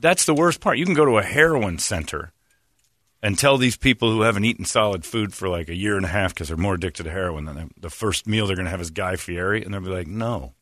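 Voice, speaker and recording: A man's voice: sits low, quick pace, a bit bright, no room sound. A man hosting casual comedic banter, ranting and teasing in a crude way.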